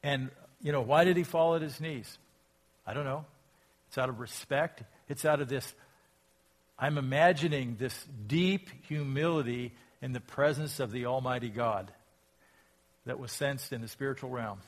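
A pastor preaching a sermon, reading scripture aloud and asking reflective, rhetorical questions. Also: male voice, mid-range voice, normal speed. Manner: reflective, asks rhetorical questions, rises in volume when quoting scripture.

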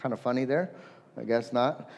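A male pastor preaching a sermon, telling a story with lively acted-out quotes and lists of words. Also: mid-range voice, normal speed, gravelly. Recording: long hall reverb.

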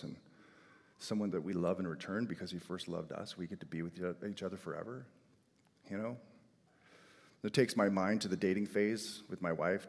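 A middle-aged man delivers a sermon in a fairly low voice, pressing his points hard and then dropping to a hush. His words ring out with a long reverb from the hall around him. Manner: emphatic, swings between loud and soft. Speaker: pastor.

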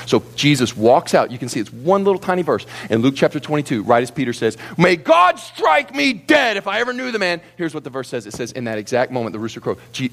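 A man preaching a sermon to a congregation, telling the story in an animated, theatrical way. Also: mid-range voice. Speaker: pastor.

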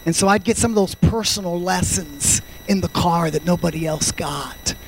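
A man in his fifties preaching a sermon, fervent, swinging between loud shouts and quiet storytelling. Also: high-pitched, moderate pace, a little hiss or hum, poor audio. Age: 50s. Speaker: pastor.

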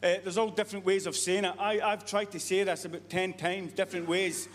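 A man's voice: high voice, flat delivery, fairly quick. A man preaching a sermon, earnest and repetitive, often restarting his sentences. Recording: long reverb of a hall.

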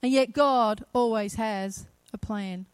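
A woman's voice: a little high, slow pace, clean tone, dry recording, poor audio. A woman preaching a sermon, telling the story dramatically and acting out the voices in it.

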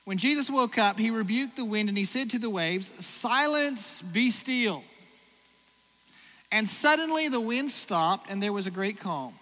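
Bright-voiced preaching man in a reverberant hall. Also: high voice, expressive, a little fast, hardly any pauses. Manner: preaching with strong swings between loud exclamations and hushed reflection. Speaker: pastor. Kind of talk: sermon. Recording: hall reverb, faint noise.

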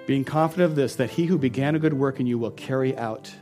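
A man's voice: medium pitch, quick pace, over music. A middle-aged man, a pastor, preaching a sermon in an earnest and personal storytelling way, often laughing.

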